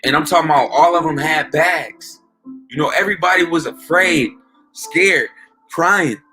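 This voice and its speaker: A man gives an informal, emphatic street-style sermon with a slightly high voice. He drives each point home with repeated asides and questions. Soft music plays faintly underneath. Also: moderate pace. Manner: emphatic, peppers talk with "man" and "okay?". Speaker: preacher.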